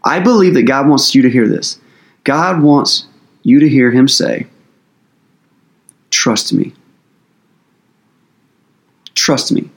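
A man preaching as pastor in a conversational sermon, earnest and casual, with loose phrasing and plenty of fillers. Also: medium pitch.

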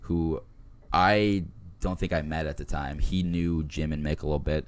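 Very deep-voiced young man telling stories. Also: fairly even intonation, normal speed. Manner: laid-back storytelling with frequent laughs and fillers. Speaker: guest. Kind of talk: casual podcast chat.

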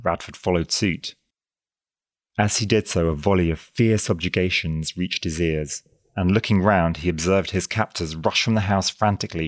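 A man with a very low voice reads a period adventure story aloud at a measured, even pace. The sound is close and dry, with no room around it. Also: dry recording. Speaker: audiobook narrator. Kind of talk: scripted narration.

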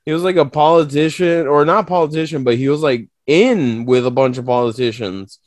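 A man talks on a podcast in loose, swear-heavy chat, acting out stories with animated energy. His voice sits a bit high, and the close mic sounds dry with no room echo. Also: fairly quick. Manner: profane, animated storytelling with mock voices. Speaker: podcast co-host.

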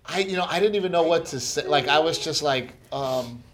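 A man co-hosting a casual chat and telling a comic story with his whole body in it. He jumps into quick impressions of the people in his story, swears freely and laughs along. His voice sits a little high for a man. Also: slight background noise. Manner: animated storyteller who acts out quoted voices, swears, laughs often. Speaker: comedian, co-host.

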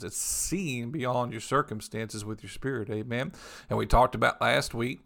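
A man preaching a sermon as pastor, filling pauses with "amen" and "praise the Lord", slowing down to read scripture aloud. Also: fairly high pitch, creaky, a bit bright. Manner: repeats "amen" and "praise the Lord" between sentences, reads scripture slowly.

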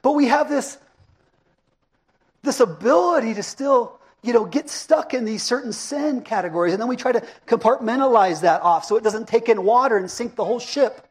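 A middle-aged pastor delivers an interactive sermon, speaking conversationally and putting questions to his congregation. His voice is extremely high-pitched and husky, at a normal speed.

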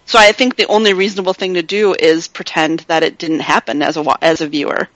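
A woman's voice: fairly low pitch, fairly even intonation, fast talker, fairly bright tone, dry recording, poor audio. A woman co-hosting a casual podcast discussion, talking bluntly. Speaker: podcast co-host.

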